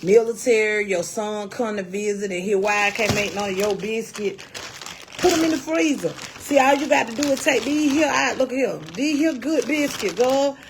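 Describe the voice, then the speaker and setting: A woman's voice: fairly high pitch, moderate pace, noisy background. Middle-aged lady doing a cooking stream, folksy and a bit salty, baby this honey that. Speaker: cooking livestream host. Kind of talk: casual cooking chat with viewers.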